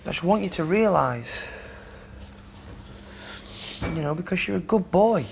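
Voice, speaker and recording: A man with a gravelly, slightly raised voice, faint room hum behind him. He speaks gently and reassuringly, rambling as he talks someone round. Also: high voice, expressive, a little slow. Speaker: fellow housemate. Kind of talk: reassuring casual talk.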